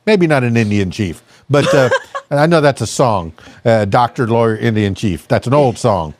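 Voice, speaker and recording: A man's voice: mid-range voice, lively intonation, moderate pace, darkish tone. A man hosting a podcast interview, chatting casually with a lot of fillers and jokes. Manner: rambling, jokey, many fillers. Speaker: podcast host.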